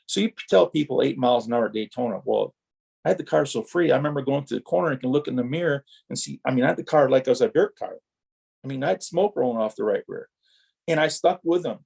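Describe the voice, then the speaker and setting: Raspy fry-heavy middle-aged guy from wisconsin telling racing stories, rambling. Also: medium pitch, fast talker. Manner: animated anecdotes, acts out quoted exchanges. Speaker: retired racer, podcast guest. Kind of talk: rambling storytelling.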